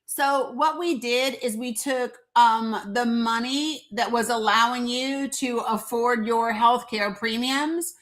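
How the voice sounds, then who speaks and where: A woman's voice: fairly high pitch, slow pace, few pauses, a bit bright. A woman with an East Tennessee accent hosting live political commentary, blunt, sarcastic and profane. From Northeast Tennessee. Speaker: live show host.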